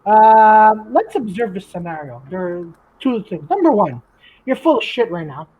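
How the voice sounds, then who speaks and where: A man from Canada telling a profane, animated story in casual chat, acting out the lines of the people in it. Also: high-pitched, moderate pace. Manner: profane, animated retelling with acted quotes. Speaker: podcast co-host. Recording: muffled lo-fi sound.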